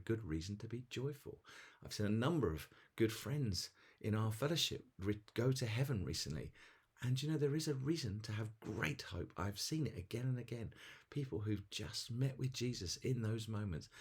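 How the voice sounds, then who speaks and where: A man's voice: low voice, husky. A man giving a daily devotional talk as a pastor, earnest and storytelling with small chuckles.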